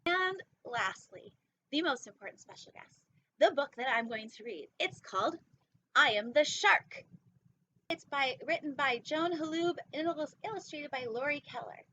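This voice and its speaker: A woman's voice: sits high, expressive, moderate pace, bright, forceful tone, a little hiss or hum. A woman hosting a casual storytime, reading a picture book with goofy, rambling asides. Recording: dull lo-fi recording.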